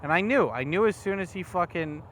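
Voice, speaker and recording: A man's voice: sits high, lively intonation, brisk, a bit bright. A man on a motovlog, riding through city streets at night and talking in a rambling, angry way with plenty of swearing. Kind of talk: casual riding vlog rant. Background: faint traffic noise.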